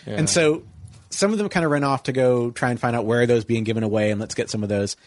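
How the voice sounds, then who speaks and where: A middle-aged man telling a long, rambling story in casual conversation, full of likes and you-knows, jumping into high mocking voices to quote people. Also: fast, no echo.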